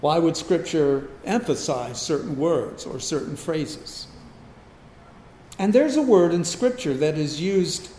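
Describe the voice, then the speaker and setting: A male pastor delivers a sermon in a church, his voice fairly high for a man and swinging widely in pitch as he works through his points. He poses rhetorical questions to the congregation and leans on repeated key words. The recording is echoey, with a faint hum of room ambience behind him. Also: animated, takes it slowly, dark tone.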